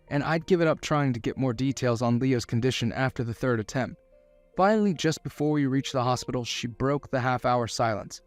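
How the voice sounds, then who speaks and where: A man narrating a first-person romance story in a steady scripted delivery. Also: medium pitch.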